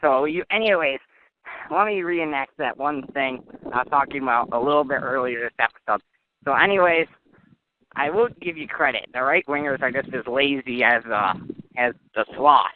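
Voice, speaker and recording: A man's voice: mid-range voice, moderate pace, slight background noise. A man hosting a joking call-in comedy show, mock-serious and teasing, with a cold. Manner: mock-serious, teasing, laughs at his own jokes. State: has a cold. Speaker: host. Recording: tinny, dry phone-line audio.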